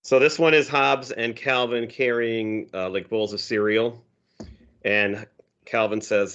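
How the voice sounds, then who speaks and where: A man's voice: medium pitch, unhurried, fairly bright tone, lo-fi sound. A man co-hosting a podcast, a teacher, casually reading comic strips aloud and chuckling as he explains them. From Minnesota. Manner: easygoing, chuckling storyteller.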